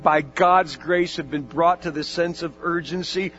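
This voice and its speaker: A man's voice: on the high side, steady tone, unhurried, few pauses, fairly bright tone, faint music behind. A male pastor preaching a sermon in an earnest manner, building up to fervent exhortation and prayer. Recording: dull lo-fi with mains hum.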